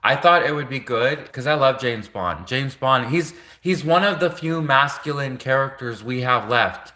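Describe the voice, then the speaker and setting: Bright-voiced, rambling young man. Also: mid-range voice, animated, normal speed. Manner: rambling, heavy "like" filler, frequent laughter. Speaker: livestream host. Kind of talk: rambling casual monologue.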